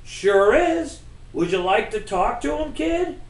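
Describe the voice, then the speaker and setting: A man's voice: very high voice, very animated, slow pace, full character voice. A man voicing the blunt, teasing ghost of an old baseball star calling on the phone, in an echoey room.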